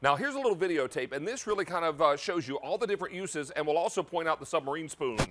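A man hosting a live TV shopping show in a studio kitchen, making an upbeat, persuasive sales pitch about prices and stock. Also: expressive, quick pace, fairly bright tone. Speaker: shopping channel host.

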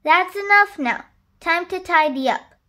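A fussy but kindly hen baby-sitter who scolds gently and soothes just as easily, voiced by a woman reading a storybook. The voice sits a little higher than a plain speaking voice and moves slowly and carefully. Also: very animated, exaggerated voice. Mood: scolding.

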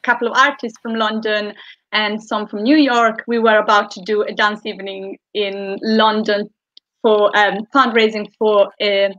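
A woman's voice: medium pitch, level tone, measured pace, a bit bright. A woman, a guest choreographer, answering from her room at home, hesitant and full of fillers. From Italy. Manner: hesitant, many fillers while explaining. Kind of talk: casual interview answers. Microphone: video call. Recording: muffled video call audio.

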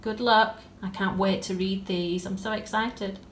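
A woman teacher reading a story aloud for young pupils and explaining it gently, with coaxing questions. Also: mid-range voice, steady tone, unhurried, roomy sound, slight background noise. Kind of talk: storytelling lesson for children.

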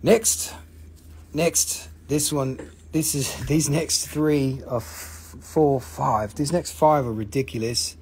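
A man's voice: high-pitched, a little slow, breathy edge. A man hosting a live gemstone sales stream, rambling, joking and swearing as he calls out buyers and prices. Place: family-owned rock shop.

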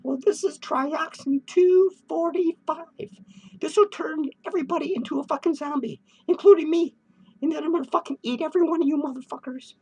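A giddy, tipsy clown in a home studio delivers manic, crude rants peppered with swearing, letting his thoughts wander in this comedic character vlog. The man talks briskly with a darkish tone, his shrill voice sitting well above normal pitch and dissolving into cackling laughs.

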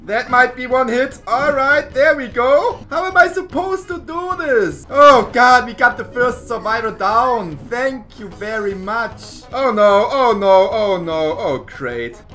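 Woman, gameplay commentary, high bright voice, excitable, exasperated, faint music behind. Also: takes it slowly, few pauses. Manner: excitable, exasperated, laughing often. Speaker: gaming YouTuber.

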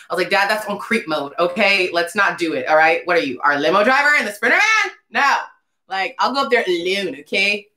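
A young woman telling a casual storytime vlog, animated and slangy, acting out the voices of people in her story. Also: medium pitch, fairly quick. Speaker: singer vlogging a story. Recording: echoey room.

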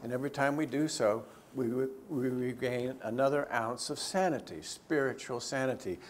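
A man's voice: normal speed, slight background noise. Man giving a conversational church teaching. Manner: conversational, swings between lifted emphasis and quiet, low asides. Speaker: theologian teaching a church session. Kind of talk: teaching talk to a church group. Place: church gathering.

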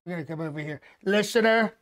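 A blustering older politician who brags, repeats himself and wanders off on tangents, his voice pitched up high, as a comedian puts him on. He rambles through a live mock press conference. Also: quick pace, a bit bright. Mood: boastful. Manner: bragging, repetitive, rambling asides.

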